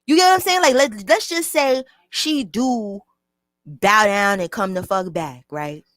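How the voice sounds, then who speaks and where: A woman holding court on a casual livestream, blunt and unfiltered, swearing freely as she speaks straight to her viewers. Her voice sits at an ordinary middle pitch and is caught up close on a small mic with a dry, roomless sound. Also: measured pace, a bit bright, dry recording. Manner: blunt and profane, talks straight to her chat. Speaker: channel host. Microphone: small mic near her mouth.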